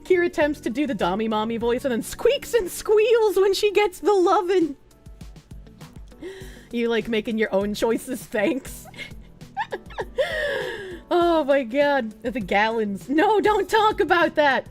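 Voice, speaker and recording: High, animated woman streamer. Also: slow, pauses often, soft background music. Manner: animated, giggly, reads chat aloud. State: rough throat. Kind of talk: casual live-stream chat.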